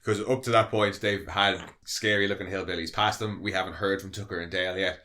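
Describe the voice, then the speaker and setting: A man's voice: sits low, steady tone, a little fast, bright, forceful tone. A man co-hosting a casual film review podcast, enthusiastic and laughing often. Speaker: podcast co-host.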